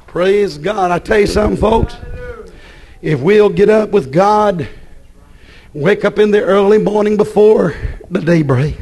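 Husky-voiced fiery preacher man. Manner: shouting bursts then drops to low storytelling. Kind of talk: fiery sermon.

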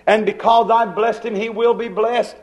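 A man's voice: high-pitched, flat delivery, moderate pace, a little mellow, muffled recording, lightly acted. A preacher playing an old blind father who speaks solemnly and repeats his words. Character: old blind father, grave and sorrowful man.

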